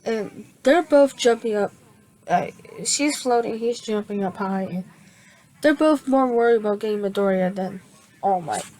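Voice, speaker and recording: A woman narrates a homemade fan story at a slow, unhurried pace. She stops and restarts her sentences often, searching for words as she goes. Her pitch sits in the middle range. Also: mellow, low-quality recording. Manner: halting, with many fillers and restarts. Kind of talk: improvised fan fiction narration.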